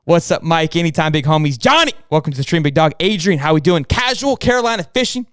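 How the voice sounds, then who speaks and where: A young man co-hosting a live sports podcast, talking fast and hyped with plenty of slang. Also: a little high, animated, a bit bright, clear, resonant tone, no echo, clean studio sound. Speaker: podcast co-host.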